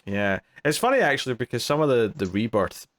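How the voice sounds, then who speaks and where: A man chatting casually as a podcast co-host. He is dry and blunt and slips into mock outrage. His voice sits at a middling pitch for a man. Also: lively intonation, a little fast, a little hiss or hum. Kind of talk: casual chat.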